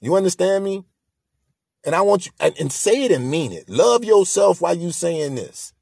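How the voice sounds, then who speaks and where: A man's voice: high voice, big pitch swings, moderate pace, gravelly, darkish tone, breathy edge, no room sound, clean studio sound. A man hosting a podcast, delivering a motivational monologue in an emphatic, preachy way, repeating his points. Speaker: podcast host.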